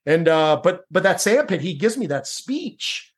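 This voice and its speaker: A middle-aged man with a slightly high voice tells a personal story in a relaxed, conversational way. He restarts his sentences and leans on "like" and "dude.". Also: measured pace, slightly rough. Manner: casual, repeats words, says "dude" and "like". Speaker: podcast guest. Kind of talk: storytelling interview.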